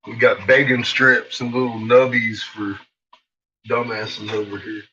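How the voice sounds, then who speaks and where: A man cooking at home in a casual vlog, swearing and rambling as he talks to his dogs, and his voice shoots up high and excited whenever he addresses them. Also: measured pace. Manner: profane, rambling, jumps to a high excited voice when talking to the dogs. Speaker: home cook vlogger. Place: home kitchen. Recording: dull lo-fi sound with loud background noise.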